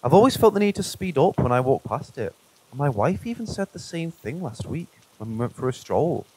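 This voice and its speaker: A man reading true paranormal stories aloud in a calm, even narration. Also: on the high side, fairly quick, breathy edge, rough recording. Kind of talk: scripted narration.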